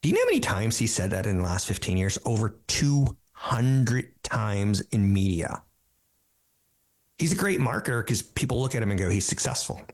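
A gravelly, husky man in his fifties hosts a talk radio show. His voice sits low, and he tells his stories with animation, mocking the people he quotes. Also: sing-song, moderate pace. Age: 50s. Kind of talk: casual talk radio monologue.

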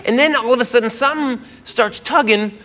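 A man doing a stand-up comedy routine on a club stage, telling a story animatedly and breaking into acted-out shouts. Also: very high voice, brisk. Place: comedy club stage before a laughing crowd. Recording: loud crowd laughter and noise.

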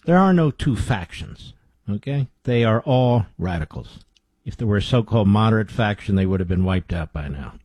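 A middle-aged man holds forth on political talk radio, firing off rhetorical questions and sinking low for asides. His voice sits on the low side with a husky grain. The studio sound is close and dry. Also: animated, moderate pace, a little mellow, no room sound. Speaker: radio talk show host.

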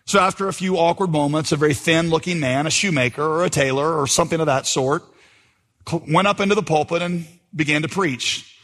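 A man's voice: on the high side, brisk, fairly bright tone, in a large hall. A male pastor giving a sermon in a conversational storytelling manner, reading quotes aloud.

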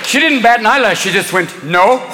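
A man doing a profane, animated stand-up routine on stage in a large hall, with an audience laughing. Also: extremely high pitch, fast talker, heavy background noise. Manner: profane, animated, jumps into voices. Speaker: stand-up comedian. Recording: live hall with loud crowd.

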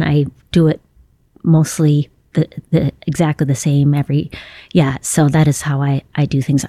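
A woman comedian from Duluth talks in a halting, self-deprecating way, with many restarts. Her voice sits on the lower side, and she breaks into little voices as she goes. The sound is close and dry. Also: darkish tone, dry recording. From Duluth, Minnesota. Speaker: comedian, guest. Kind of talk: casual interview talk.

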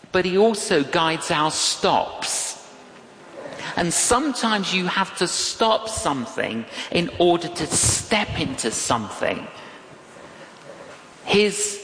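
Animated preacher, echoey hall. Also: male voice, sits high. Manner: animated, dramatic, emphatic repetitions. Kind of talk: storytelling sermon. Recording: echoey hall with long reverb.

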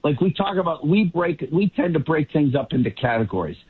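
A man's voice: a little high, animated, a little fast, breathy edge. Male pundit, rambling and self-correcting, tinny line. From Boston area. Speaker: political commentator. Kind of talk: casual panel discussion.

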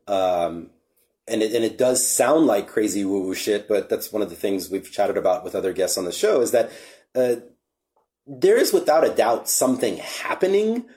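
Mellow low-voiced podcast host man. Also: normal speed. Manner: relaxed, reflective, swears casually. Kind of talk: casual chat.

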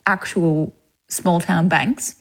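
A woman's voice: on the low side, steady tone, slow, creaky, low-quality recording. A young woman, an actress being interviewed, talking chattily with fillers and laughs. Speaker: actress, guest. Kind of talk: casual interview chat.

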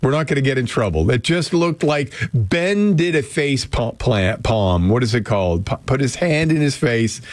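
A man's voice: mid-range voice, expressive, normal speed, hardly any pauses, no echo. A man hosting a casual radio show, rambling and chatty, poking fun at himself as he talks to listeners and co-hosts in a studio. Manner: rambling, chatty, self-deprecating. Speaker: radio host. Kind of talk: casual morning radio chat. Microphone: studio microphone.

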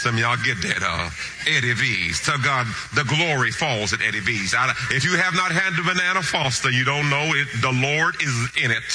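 A man preaching, telling a funny story with animated, lively delivery that jumps between low asides and excited high shouts. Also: normal speed, slight background noise. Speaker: pastor. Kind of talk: storytelling sermon.

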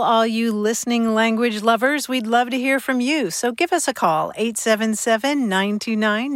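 Female co-host, slightly high voice, playful and friendly, dry studio sound. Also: no room sound. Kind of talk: radio call-in chat.

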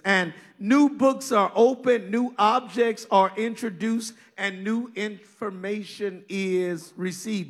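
High-voiced slow-preaching Kansas pastor. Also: male voice, fairly bright tone. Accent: rural Kansas. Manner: emphatic preaching with repeated words and fillers. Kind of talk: sermon.

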